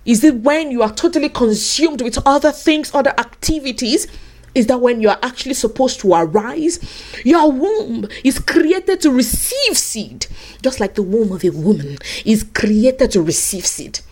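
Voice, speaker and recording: A woman preaching a sermon in an animated way, swinging from soft asides to high cries and acting out the voices in her stories. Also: normal speed. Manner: acts out quoted voices in her teaching.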